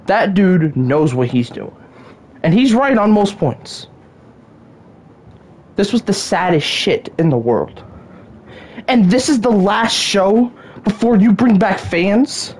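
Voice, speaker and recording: A woman's voice: medium pitch, big pitch swings, takes it slowly, pauses often, a little mellow, a little hiss or hum. A woman hosting a podcast, ranting in exasperation, often sighing and stammering. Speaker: podcast host. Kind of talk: solo wrestling rant podcast.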